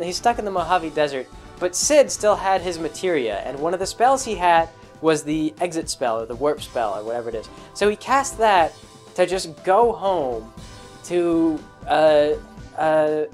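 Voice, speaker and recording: Rambling man recounting an old campaign. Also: a little high. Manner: rambling, with many fillers and restarts. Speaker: podcast host. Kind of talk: casual storytelling about a past game.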